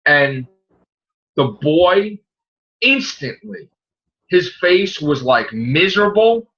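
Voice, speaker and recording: A man hosting a casual podcast, telling stories in an animated way and acting out the people he quotes. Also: a little high, slow pace. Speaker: podcast host. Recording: muffled lo-fi audio.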